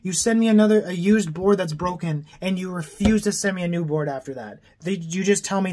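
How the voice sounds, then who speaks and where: A man's voice: high-pitched, animated, quick pace, few pauses, a little mellow. A young man from Canada ranting angrily to his viewers, swearing often and sounding exasperated. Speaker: vlogger. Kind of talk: angry rant to camera.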